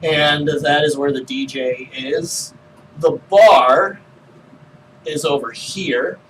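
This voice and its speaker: A man running a tabletop role-playing game, describing the scene in an unhurried, hesitant way with many fillers. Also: a little high, a bit bright. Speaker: game master. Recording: distant mic with faint noise.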